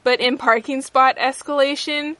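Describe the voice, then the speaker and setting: Bright, dry-sounding young woman gushing. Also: high-pitched, fairly even intonation, moderate pace, dry recording. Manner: gushing, filler-heavy recounting of favorite moments. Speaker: podcast co-host. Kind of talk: casual chat.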